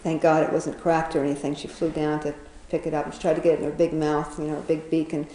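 A woman retells an animal fable in a loose, rambling way, chuckling and filling gaps with fillers. Her voice is low and mellow. The room around her is roomy and echoing, with faint noise underneath. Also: little pitch movement, quick pace. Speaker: storyteller. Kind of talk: casual storytelling. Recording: roomy echo.

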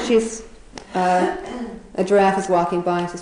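A woman's voice: on the low side, fairly even intonation, a little slow, few pauses, darkish tone, reverberant, slight background noise, rough recording. A woman casually retelling a children's fable, chatty, often laughing, with many fillers and restarts. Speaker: storyteller.

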